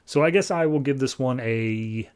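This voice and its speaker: A man's voice: mid-range voice, moderate pace. A man hosting a podcast, recapping and reviewing comics in a casual, wry way with frequent restarts.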